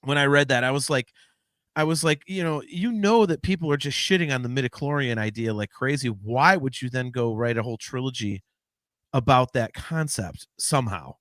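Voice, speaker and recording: A man hosting a podcast in casual chat, rambling with many restarts and lively swings in delivery. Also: medium pitch, moderate pace, dry recording, studio quality. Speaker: podcast host.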